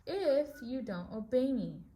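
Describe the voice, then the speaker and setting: A woman voicing a proud, bossy male lion king in a children's storybook, with haughty lines and loud roars. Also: high-pitched, animated, measured pace. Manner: roaring, haughty.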